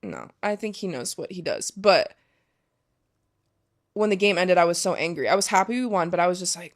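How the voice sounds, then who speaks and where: A woman's voice: fairly low pitch, fast. A young woman, a professional soccer player, candidly telling a story in a casual interview, swearing freely and saying "like" a lot.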